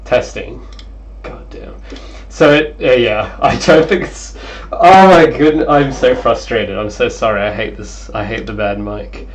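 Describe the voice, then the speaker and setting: A man's voice: mid-range voice, a little slow, a little hiss or hum, low-quality recording. Chatty young man on a headset mic. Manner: chatty, excitable, apologetic. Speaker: game developer streamer. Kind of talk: casual livestream chat. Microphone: cheap gaming headset mic.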